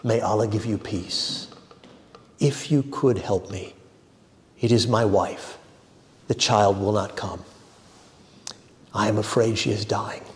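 A man voicing a polite but firm, resigned husband who speaks in a courteous, steady way, read aloud in a reverberant hall. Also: on the low side, slow, long pauses.

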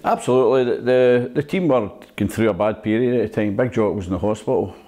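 An older Scottish former footballer telling stories from his career in a relaxed interview, acting out old exchanges and laughing at himself. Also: on the low side, quick pace. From Scotland. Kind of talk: casual reminiscing interview.

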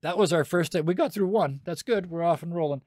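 A man's voice: fairly high pitch, brisk, a little mellow, no echo, clean studio sound. A man running a tabletop game, casually explaining the rules in a rambling way and laughing often. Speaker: game master.

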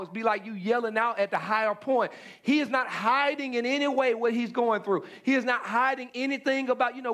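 Man, very high voice, pastor preaching, emphatic repetition, stammered restarts. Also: a bit bright. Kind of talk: sermon.

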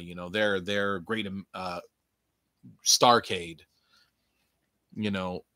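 A man hosting a casual review podcast, his voice bright and bouncing widely in pitch. He rambles and jokes, swears freely and breaks into playful outbursts. The sound is close and dry. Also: no echo. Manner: rambling, jokey, profane, with playful bursts. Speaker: podcast host.

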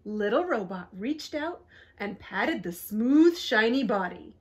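A woman reads children's picture books aloud at a library storytime. She is animated and talks right to the little listeners. Her voice is high, swoops widely and has a breathy softness, and she takes her time. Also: slow pace. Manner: animated and expressive, speaks to young children.

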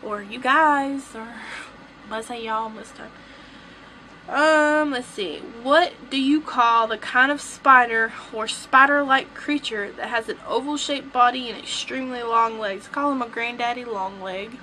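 A woman's voice: fairly high pitch, measured pace, pushed and bright, slight background noise, rough recording. A young woman with a Southern US accent, chatting playfully to the camera as a vlogger. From southern United States. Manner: playful, teasing. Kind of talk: casual chat to camera.

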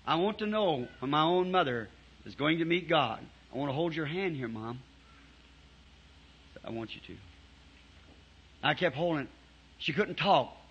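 A man preaching to a congregation, telling folksy stories with chuckles in a lively way, on a dull old tape recording. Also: fairly high pitch, normal speed, husky. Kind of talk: storytelling sermon. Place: church before a congregation.

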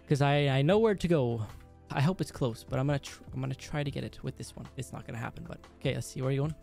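A man doing gameplay commentary at home at night, speaking softly and excitedly pleading with the game as he plays. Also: medium pitch, vocal fry. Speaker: let's play host.

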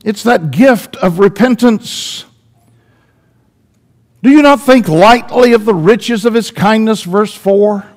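Man preaching in a church, high voice, dramatic sermon delivery, loud then quiet. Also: takes it slowly. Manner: dramatic swings between loud emphasis and hushed tones.

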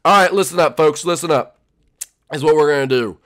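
A man hosting a gaming video, doing energetic, comedic commentary and repeating himself to hype things up. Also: on the high side, brisk. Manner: excited, repetitive hyping.

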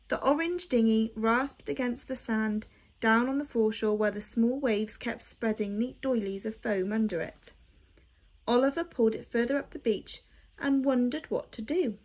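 A woman reading a children's story aloud in a measured, expressive way. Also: fairly high pitch.

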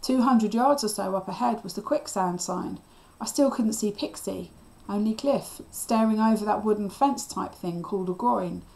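Teacher lady reading a kids' novel out loud, steady and expressive, mid pitch. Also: normal speed, vocal fry, few pauses, low-quality recording. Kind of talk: reading a children's novel aloud.

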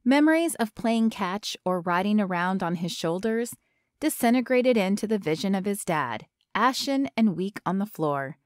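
A woman with a mid-range voice narrates an audiobook in an even, measured storytelling style. The recording is studio quality with no echo.

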